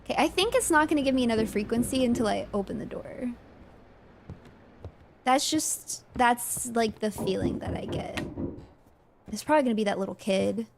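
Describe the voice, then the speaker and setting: Excitable high-voiced woman streamer. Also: moderate pace, creaky, long pauses, background noise. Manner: excitable, talks to herself and chat. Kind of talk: game commentary.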